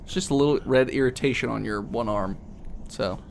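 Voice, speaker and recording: A man narrating as game master of a tabletop game, relaxed and chuckling as he describes the scene. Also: mid-range voice, fairly quick, creaky, a little hiss or hum.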